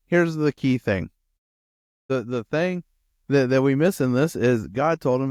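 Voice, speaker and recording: A male campus pastor giving a lively sermon who acts out quotes and addresses his listeners directly. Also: on the high side, moderate pace, no echo, clean studio sound.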